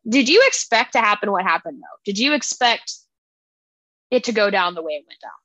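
A woman's voice: mid-range voice, lively intonation, fairly quick, bright, forceful tone, no echo, low-quality recording. A woman hosting a book club podcast, casually retelling a plot in a rambling, filler-heavy way.

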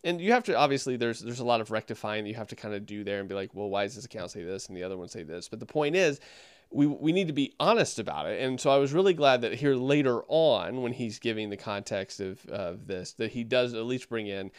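A man's voice: mid-range voice, animated, quick pace, clean tone, dry recording, studio quality. A man casually commenting on and reviewing a sermon, talking conversationally with frequent restarts.

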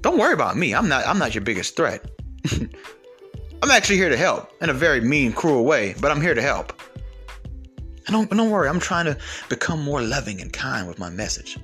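A man's voice: medium pitch, big pitch swings, fairly quick, bright, forceful tone, slightly rough, soft background music. A man giving a blunt, profane, heated ranting monologue as an online commentator.

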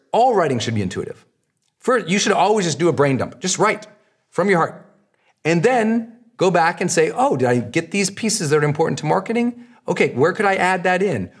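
Male podcast host, coaching style, emphatic and repetitive, mid-range voice. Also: medium pitch. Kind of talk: solo podcast answering listener questions.

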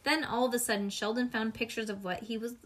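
A woman reading a children's book aloud in a lively way, now and then pausing to chat with a child beside her. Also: a little high, slight background noise. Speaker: reader.

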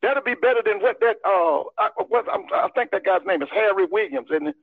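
A man's voice: high-pitched, expressive, brisk, creaky, no echo. A man, calling in to a live sports show, talking emphatically and repeating his points in folksy terms. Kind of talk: casual sports talk. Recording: tinny phone line.

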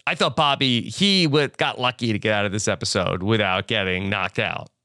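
A man's voice: fairly low pitch, normal speed, pushed and bright, dry recording, studio quality. A man hosting a podcast in casual chat, giving short agreeing replies and loose, rambling questions. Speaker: podcast host.

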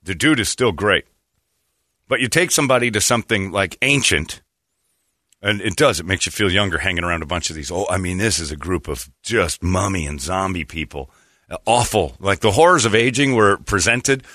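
A young man with a low, forceful voice tells a story on a talk show. His delivery is sardonic and full of mocking asides. The sound is dry and close. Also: moderate pace, dry recording. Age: young adult. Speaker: radio show co-host. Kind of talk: casual comedic chat.

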